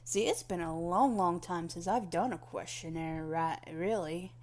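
A woman's voice: fairly low pitch, a little slow, darkish tone. A young woman rambling casually through a questionnaire, meandering and self-deprecating, often restarting her sentences.

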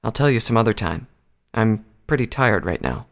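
A man's voice: fairly low pitch, expressive, moderate pace, gravelly. A man voicing a grave, guarded stallion. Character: secretive, grave young stallion spy.

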